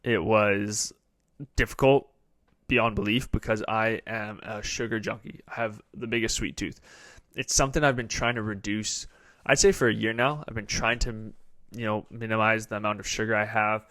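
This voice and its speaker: A young man talks through his own podcast episode in a loose, rambling way, with plenty of ums and likes. His voice sits a little low, and the sound is close and dry, with no room echo. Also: fairly even intonation, moderate pace, bright, forceful tone. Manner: casual, rambling, with many fillers. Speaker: podcast host. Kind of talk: solo podcast monologue.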